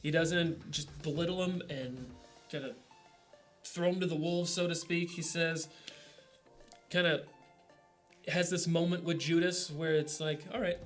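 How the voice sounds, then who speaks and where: A man giving a casual devotional talk in a relaxed, rambling way, full of fillers like "kinda" and "like.". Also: on the high side, a little slow, long pauses, soft background music. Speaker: devotional leader.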